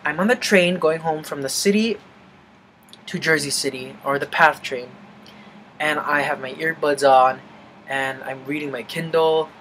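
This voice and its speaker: A young man venting in a casual vlog, animated and swearing freely. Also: a little high, a little slow, slight background noise, poor audio. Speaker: vlogger.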